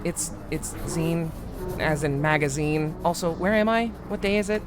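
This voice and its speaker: A man's voice: a little high, moderate pace, natural voice. A man voicing a dazed, awkward young woman singer, reading her lines in a dry, bemused way over game music.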